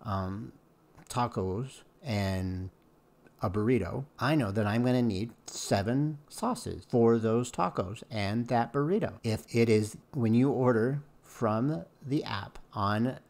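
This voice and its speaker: Guy with a rough fry in his voice, blunt sarcastic stream commentary. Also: mid-range voice, slow pace, a little mellow. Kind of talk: critical commentary chat.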